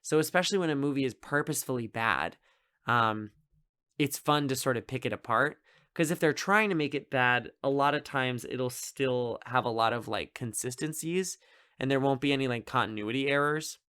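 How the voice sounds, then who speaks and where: A man's voice: mid-range voice, normal speed, sharp tone, clean tone. A man hosting a podcast, reviewing a film in a casual, rambling way, full of fillers and amused asides. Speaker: podcast host. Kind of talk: casual solo movie review.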